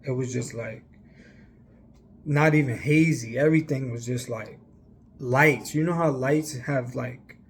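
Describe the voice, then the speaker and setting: A man's voice: mid-range voice, measured pace, pauses often, slight background noise. A young man telling a long personal story in a casual, rambling way, emphatic and full of fillers. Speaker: vlogger.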